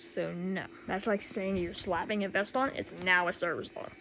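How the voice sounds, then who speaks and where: A woman's voice: lowish voice, fairly even intonation, a little fast, hardly any pauses, noisy background. A teenage girl telling a storytime rant, indignant and sarcastic, repeating herself for emphasis. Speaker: vlogger.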